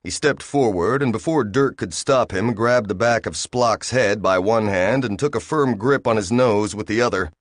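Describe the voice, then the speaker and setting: Male audiobook narrator, low voice, measured and dry. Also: no echo. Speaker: audiobook reader. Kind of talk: scripted narration.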